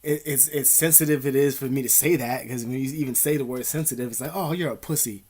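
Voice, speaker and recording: A man's voice: mid-range voice, fairly even intonation, fast, darkish tone. A young man giving blunt, profane advice to camera at home in casual street slang, calling the listener "dog" and "man". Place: at home, dogs nearby.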